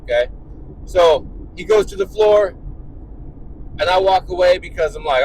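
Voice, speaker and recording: A man rants about his morning from his car, swearing freely and exasperated. His voice sits a little high and swings widely up and down as he tells it. A faint hum of road noise stays behind him. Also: normal speed, pauses often, low-quality recording. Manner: profane, exasperated, animated storytelling. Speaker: vlogger and dad. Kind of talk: ranting storytime.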